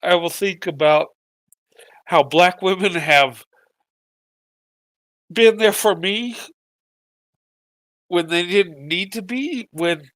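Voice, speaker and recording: A middle-aged vlogger gives his viewers a halting, emotional personal monologue, tearful and often repeating words as his voice breaks. His voice sits high with a fairly bright tone and no echo.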